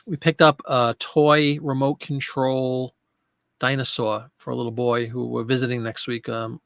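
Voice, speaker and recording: A man's voice: mid-range voice, fairly bright tone, no echo. Chatty middle-aged man, dry close mic. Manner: chatty, reads and answers viewer comments. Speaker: host of a live chat show for online sellers. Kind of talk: casual live-stream chat.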